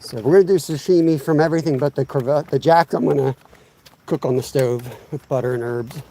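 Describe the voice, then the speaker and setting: A man in his fifties hosts a fishing live stream outdoors by the water, chatting and rambling casually while poking fun at himself. His voice is on the high side, quick and warm, recorded by a camera on a tripod with a little hiss or hum.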